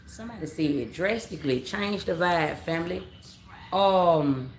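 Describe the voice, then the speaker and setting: On a late-night live stream, a woman reads tarot in casual slang, rambling, repeating phrases, calling her viewers family and scolding commenters. Her voice is fairly low and animated at a measured pace, with roomy echo and faint background noise.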